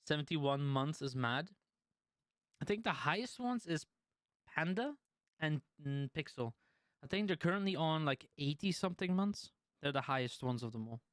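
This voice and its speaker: A male streamer with a fairly high voice, recorded dry and close with no room sound. He chats to his viewers and tells stories loosely, swearing freely and laughing often. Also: animated, moderate pace, fairly bright tone, no echo. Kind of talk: casual chat to stream viewers.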